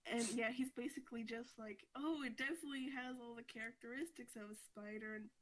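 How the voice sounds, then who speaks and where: A woman's voice: fairly high pitch, fairly even intonation, a little fast, low-quality recording. A woman podcast host casually recapping a comic story, chatty and full of "like". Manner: chatty, fillers of "like", frequent laughter.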